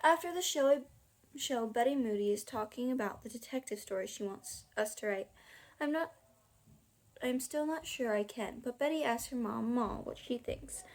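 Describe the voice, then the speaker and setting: A woman with a slightly high voice reads a children's book aloud at a moderate pace, as an amateur audiobook. She keeps it casual, occasionally pausing to chuckle and comment.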